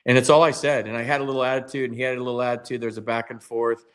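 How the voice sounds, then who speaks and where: Male co-host, mid pitch, animated storyteller in casual chat. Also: very fast, smooth. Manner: animated storyteller, acts out quotes. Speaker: former baseball player and co-host.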